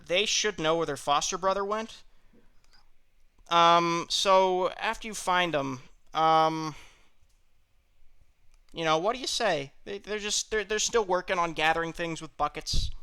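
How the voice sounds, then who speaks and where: A young man narrating a tabletop game as game master, laughing often and halting with fillers and restarts. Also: fairly high pitch, sharp tone, clear, resonant tone.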